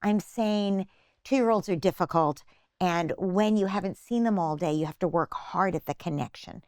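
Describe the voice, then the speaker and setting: A woman's voice: lowish voice, normal speed, darkish tone, clear, resonant tone, no room sound, studio quality. An older woman, a psychotherapist being interviewed, patiently explaining parenting advice and acting out little imagined phrases. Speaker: guest psychotherapist.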